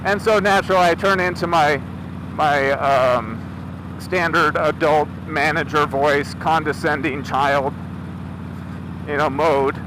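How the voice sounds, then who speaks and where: A man's voice: a little high, steady tone, takes it slowly. A man vlogging outdoors, animatedly retelling a confrontation and acting out both sides. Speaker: motorcycle vlogger. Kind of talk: casual storytelling. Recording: noisy outdoor recording.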